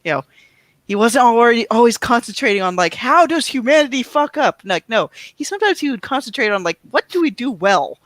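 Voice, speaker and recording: A woman on a casual livestream panel, excitable and quick to exclaim and laugh. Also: fairly high pitch, no echo.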